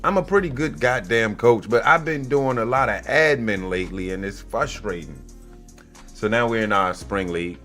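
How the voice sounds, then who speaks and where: A man hosting a casual podcast monologue, a youth basketball coach telling stories in a blunt, profane, animated way. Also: lowish voice, normal speed, faint music behind.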